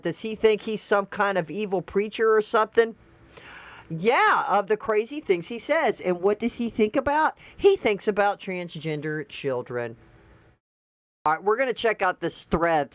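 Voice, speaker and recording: A woman's voice: medium pitch, sing-song, measured pace, no echo. A woman hosting online commentary, reading social media posts aloud with incredulous, sarcastic asides. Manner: reads posts aloud and laughs.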